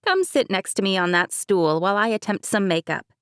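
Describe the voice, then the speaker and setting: A woman's voice: medium pitch, lively intonation, brisk, fairly bright tone, clean tone, no room sound, clean studio sound, lightly acted. A woman voicing a bossy, teasing grandmother in her seventies in an audiobook. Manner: teasing, commanding. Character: bossy 73-year-old grandmother.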